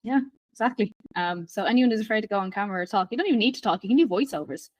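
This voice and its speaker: A woman's voice: medium pitch, animated, rapid-fire, darkish tone, no echo. An Irish woman chatting as a podcast guest, candid and chatty, full of fillers. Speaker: podcast guest, business mentor. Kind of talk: casual podcast conversation.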